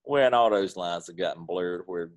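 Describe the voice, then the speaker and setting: In a casual interview, a middle-aged pitmaster with an Eastern North Carolina accent talks at normal speed in a low-pitched voice. He's a guest who tells his stories with a laid-back drawl.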